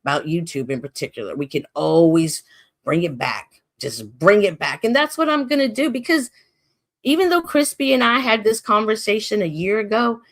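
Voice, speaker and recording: A woman's voice: medium pitch, lively intonation, moderate pace. Heated, profane woman live-streamer. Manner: profane, heated, talks straight to chat. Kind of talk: casual live-stream rant.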